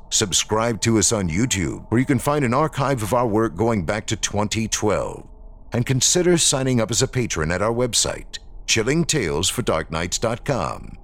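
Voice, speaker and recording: A man hosting a horror podcast, reading a scripted outro in a smooth announcer manner with a dramatic, drawn-out sign-off. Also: lowish voice. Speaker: podcast host.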